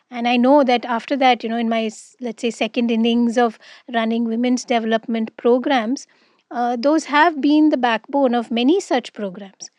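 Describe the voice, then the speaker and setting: A woman's voice: on the high side, a little mellow, no echo. A woman co-hosting a casual career podcast, reflective and often checking in with "right?". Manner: reflective, frequent "right?" tags. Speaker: podcast co-host. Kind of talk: casual conversation.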